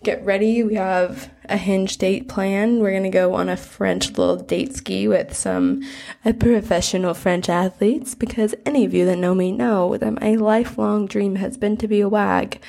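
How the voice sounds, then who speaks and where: A woman's voice: mid-range voice, steady tone, normal speed, gravelly, mellow. Early 20s american girl rambling thru a podcast in a hotel bathroom, giggly, chatty. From United States. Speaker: podcast co-host. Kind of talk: casual travel podcast chat. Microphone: portable travel mic.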